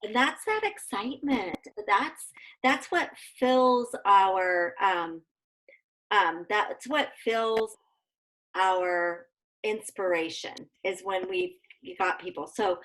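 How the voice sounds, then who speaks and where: A woman leading a team call, slowly prompting a colleague with questions. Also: mid-range voice, expressive, a bit bright, low-quality recording. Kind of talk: casual chat on a call.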